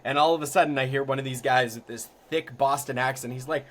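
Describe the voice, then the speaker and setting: Young man, from Florida, podcast guest, casual rambling storyteller, lots of fillers, middle pitch. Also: quick pace. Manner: rambling, full of ums and likes, livelier at the exciting parts.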